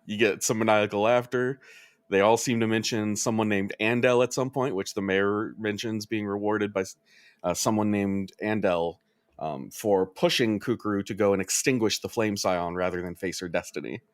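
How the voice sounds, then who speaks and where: A man's voice: on the low side, normal speed, no echo, studio quality. A man on a podcast panel, casually recapping a game's story with frequent ums and uhs. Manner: relaxed, many ums and uhs, chuckles often. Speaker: podcast panelist summarizing a game plot.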